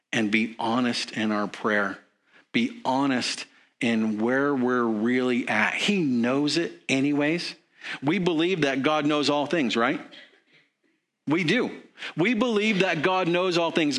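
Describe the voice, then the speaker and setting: A man's voice: medium pitch, bright, forceful tone. A man preaching a sermon in an earnest, conversational way, asking his congregation questions. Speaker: pastor.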